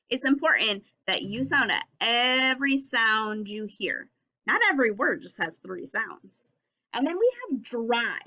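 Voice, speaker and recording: A woman teaching a phonics lesson to young children, slowly stretching out and sounding each letter of the words. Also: a little high, pushed and bright.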